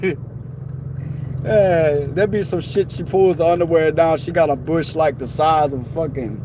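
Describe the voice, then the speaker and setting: A man's voice: a little high, moderate pace. A man rambling and laughing to viewers while out at night near his truck, swearing freely, sweaty and out of breath. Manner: giggly, profane, loose slang. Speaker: vlogger. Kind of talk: rambling casual talk to viewers. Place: in and around a truck outdoors at night. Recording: street noise outdoors.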